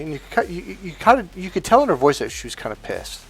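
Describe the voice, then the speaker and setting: A man's voice: fairly high pitch, big pitch swings, fast talker, breathy edge, faint music behind. A man and dating coach telling a casual anecdote in a rambling, profane way, with many restarts.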